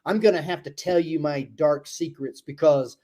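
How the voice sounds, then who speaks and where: A middle-aged American man, an army veteran, answering interview questions in a halting way with many restarts and self-deprecating laughs. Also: fairly high pitch, mellow. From United States. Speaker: guest, army veteran and author. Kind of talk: casual interview chat.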